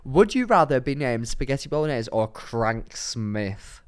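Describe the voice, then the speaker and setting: एक ब्रिटिश लहजे वाला आदमी, पॉडकास्ट का सह-होस्ट, जो अनौपचारिक बातचीत में गालियाँ देते हुए बनावटी गुस्से से बहस करता है।. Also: male voice, medium pitch, sing-song, unhurried, clean tone. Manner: playfully combative, swearing, mock-outraged. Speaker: podcast co-host. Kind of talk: casual chat.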